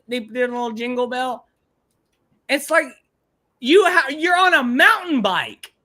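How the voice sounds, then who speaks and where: A man from Ohio co-hosting a casual livestream, ranting with crude language and lively swings in pitch. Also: unhurried. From Ohio, USA. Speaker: podcast co-host.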